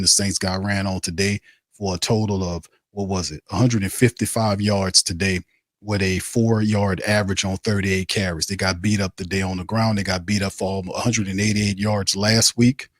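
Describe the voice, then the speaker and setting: A man's voice: sits low, dry recording, studio quality. A man hosting a postgame sports show. He rants bluntly and heatedly and keeps repeating his phrases. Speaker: sports talk show host.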